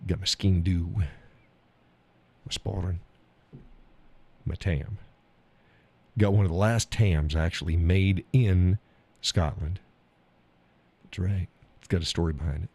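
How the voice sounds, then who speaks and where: A man's voice: deep voice, fairly even intonation, slow pace, long pauses, mellow, slightly rough. A man hosting a live stream, chatting casually about viewer comments, rambling, repeating himself and chuckling often.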